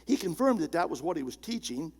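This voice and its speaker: A male pastor preaching a sermon, emphatic, slowing down and dropping low and soft on key words. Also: very animated.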